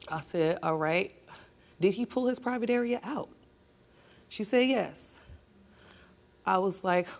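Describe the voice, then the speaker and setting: A young adult woman on a talk show, recounting a painful family story in a blunt, heated way. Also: fairly low pitch. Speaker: guest. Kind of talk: emotional talk show testimony.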